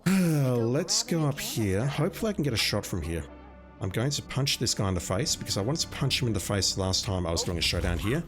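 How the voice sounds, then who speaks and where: Over background music, an Australian streamer talks fast in a lowish, sing-song voice. He's casual and chatty during gameplay, running himself down and speaking to viewers by name.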